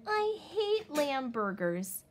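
A woman voicing a picky young male wolf cub who whines and complains about his dinner in a high, strained voice. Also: animated, unhurried. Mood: whiny.

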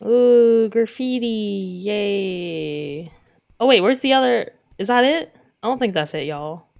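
A woman's voice: medium pitch, lively intonation, slow, creaky, a little mellow. A woman giving let's play commentary on a game, giggly, often breaking into laughter and exclaiming in disgust. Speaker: gaming video creator.

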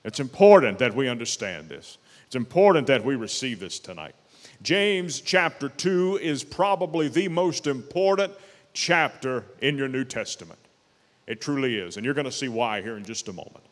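A man preaching a sermon as pastor, emphatic and slowing down to stress key words. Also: a little high, long reverb tail. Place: church sanctuary.

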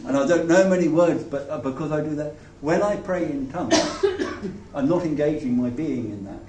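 A man preaching a sermon and leading a prayer, reflective and halting, often restarting his sentences. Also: on the high side, lively intonation. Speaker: pastor. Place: church hall. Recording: echoey hall from far off, faint noise.

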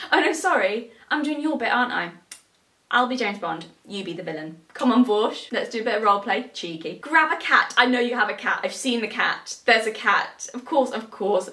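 A woman's voice: on the high side, expressive, normal speed, bright, forceful tone. A young British woman with a British English accent hosting a commentary video, sarcastic, teasing and theatrical. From Britain. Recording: roomy echo, distant mic.

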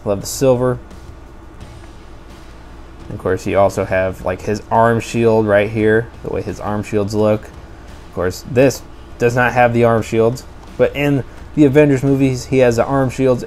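A man casually reviewing toy cars for a video, chatty and enthusiastic, thinking out loud as he goes. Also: mid-range voice.

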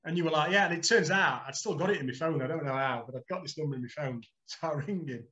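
A middle-aged man, a guest on a podcast, telling animated anecdotes and acting out the dialogue with frequent laughter. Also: on the high side, fast talker, dull audio. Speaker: guest, former footballer. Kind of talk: casual podcast storytelling.

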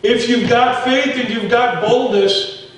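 A man's voice: very high voice, fairly even intonation, slow, heavy reverb, distant mic, rough recording. A man preaching a sermon as pastor, telling stories in a folksy way and talking straight to his folks in the pews. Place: church sanctuary.

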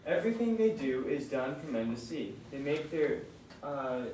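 A man in a classroom audience reads a passage aloud, halting over difficult words. He is heard from far off in a very echoey room, with faint noise behind him. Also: medium pitch, sing-song, a little mellow. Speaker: student volunteer reading aloud. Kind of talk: reading scripture aloud. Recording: distant, echoey room mic.

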